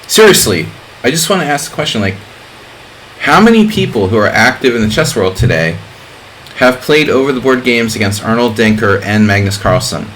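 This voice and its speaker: A man's voice: medium pitch, expressive, moderate pace, fairly bright tone, slight background noise, poor audio. A middle-aged man streaming chess, chatting casually in a rambling way with lots of fillers. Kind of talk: casual live-stream chat.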